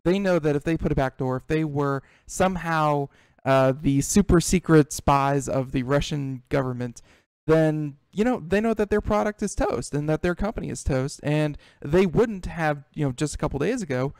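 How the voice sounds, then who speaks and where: A man's voice: on the high side, moderate pace, a little mellow, clear, resonant tone, no room sound. A man hosting a tech talk show, chatting casually and animatedly with frequent restarts and repeated words. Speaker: radio show host.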